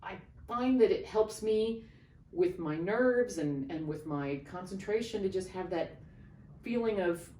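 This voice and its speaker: A middle-aged woman, an opera singer, telling an animated backstage story in a casual interview and acting out the voices of the people in it. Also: medium pitch, unhurried. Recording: roomy, distant mic, faint background noise.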